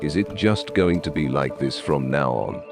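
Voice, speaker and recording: A desperate woman under a curse speaks in the narrator's own very deep, low voice, as a man reads her lines. She sounds determined but shaken, and loud music plays under her. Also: expressive, normal speed, gravelly, full character voice. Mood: brooding.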